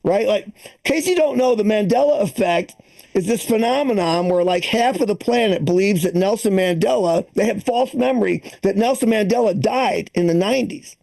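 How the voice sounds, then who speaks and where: A man's voice: sits high, normal speed, gravelly, a little mellow. A man in his sixties from the Boston area doing a profane, rambling stand-up comedy set, acting out the people in his stories. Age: 60s. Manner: profane, rambling, acts out quoted voices. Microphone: streamed online comedy show.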